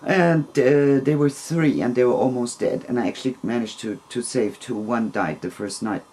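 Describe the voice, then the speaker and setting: A man telling a long personal story in a casual, rambling, gentle way, with soft laughs between phrases. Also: medium pitch, normal speed, breathy edge.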